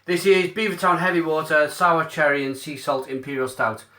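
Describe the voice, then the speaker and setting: Man, live-stream host, casual chat, bright edgy voice, chatty and upbeat, talking into a phone. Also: on the high side, moderate pace. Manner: chatty, upbeat, answers viewers' comments aloud. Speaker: beer reviewer streaming live. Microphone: mobile phone camera.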